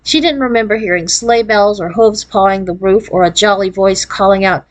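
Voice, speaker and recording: A woman reading a children's chapter book aloud in an expressive storybook cadence. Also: medium pitch, normal speed, few pauses, low-quality recording. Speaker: read-aloud narrator.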